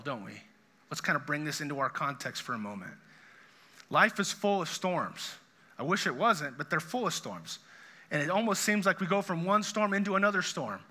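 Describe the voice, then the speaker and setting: A man preaching a sermon, earnest, asking the congregation rhetorical questions and dropping low and soft on quoted words of comfort. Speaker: pastor.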